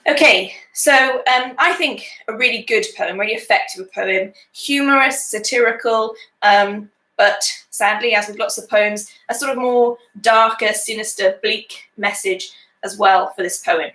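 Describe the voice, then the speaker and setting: A woman teaches a poetry lesson in a chatty, explaining way, often stopping on fillers. Her voice sits fairly high, and the echo of the room around her is easy to hear. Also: measured pace, pushed and bright. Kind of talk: poetry lesson with a read-aloud. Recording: echoey room.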